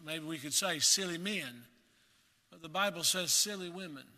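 A man preaching a sermon in a measured, emphatic way, repeating key words for weight. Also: fairly high pitch, bright, forceful tone, big-room sound.

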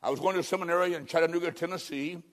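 A man's voice: on the high side, steady tone, racing. Pleading preacher telling his testimony. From American Midwest. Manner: pleading, emphatic, swings from loud to hushed. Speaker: evangelist preacher. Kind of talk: sermon with personal testimony.

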